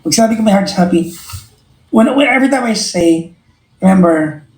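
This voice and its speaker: A man with a Filipino accent talks earnestly and reflectively to his live-stream viewers, circling back and restarting his phrases as he thinks. His voice sits a little high and mellow. The sound carries a roomy echo. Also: lively intonation, a little fast.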